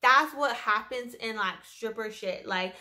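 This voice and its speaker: A young woman telling a story in a casual vlog, animated, emphatic and full of swearing. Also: a little high, unhurried. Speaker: storyteller vlogger.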